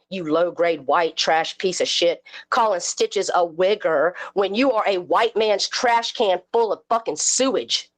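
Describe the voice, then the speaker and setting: Furious woman ranting. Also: medium pitch. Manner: confrontational, cursing, taunting. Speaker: live stream host. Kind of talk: angry profane rant.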